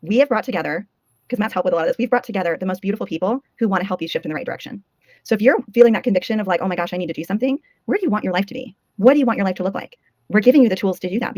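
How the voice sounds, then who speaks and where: Fast-talking, energetic woman co-host. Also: mid-range voice, dry recording. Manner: energetic, emphatic, emotional encouragement. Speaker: co-host and summit organizer. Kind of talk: motivational talk.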